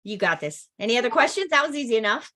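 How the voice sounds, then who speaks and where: Peppy lady coach hyping up her group on a video call, laughs a lot, no-nonsense cheering. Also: fairly high pitch. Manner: energetic, encouraging, quick to laugh. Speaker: keto coach hosting a support group.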